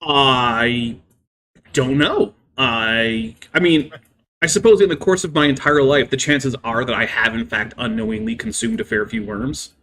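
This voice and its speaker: A man's voice: a little high, big pitch swings, unhurried, creaky, a bit bright. A man hosting a live stream, explaining science at length with many "I mean" fillers. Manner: careful, lecturing explanations. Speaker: livestream host.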